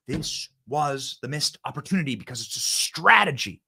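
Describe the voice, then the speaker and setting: A man's voice: fairly high pitch, expressive, fairly quick, vocal fry. A man in his thirties hosting a political commentary show, talking emphatically and repeating himself as he builds to punchy lines. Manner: emphatic, repetitive, rising to near-shouts when acting out debate lines. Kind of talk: animated political monologue.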